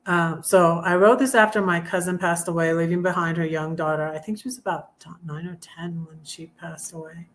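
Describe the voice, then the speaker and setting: A woman's voice: on the low side, steady tone, fairly quick, hardly any pauses. A middle-aged woman hosting a casual livestream, rambling with fillers and restarts as she chats. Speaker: livestream host reading poems. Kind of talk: casual livestream chat and poetry reading.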